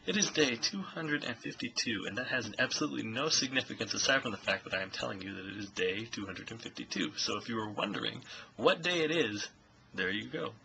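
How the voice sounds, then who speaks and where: A man's voice: medium pitch, expressive, fairly quick, gravelly. A young man rambling and joking in a casual daily video blog. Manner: rambling and jokey. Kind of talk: casual chat. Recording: noisy background.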